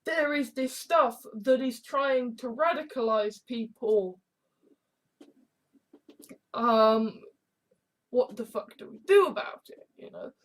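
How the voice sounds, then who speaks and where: High-pitched exasperated woman. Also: slow pace, pauses often. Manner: profane, exasperated. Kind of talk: rambling monologue.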